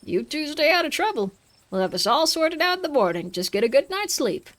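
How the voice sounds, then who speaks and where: A woman's voice: sits high, sing-song, a little fast, voice pushed up. A woman voicing a folksy, easygoing but firm small-town police officer with a drawl and homespun sayings. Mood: folksy stern.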